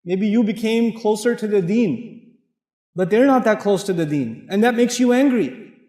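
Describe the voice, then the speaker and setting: A man giving an Islamic sermon with humorous stories and animated, acted-out asides. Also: sits high, normal speed. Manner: animated, humorous, acts out quoted voices. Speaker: Islamic lecturer. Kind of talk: sermon with storytelling. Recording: echoey hall with long reverb.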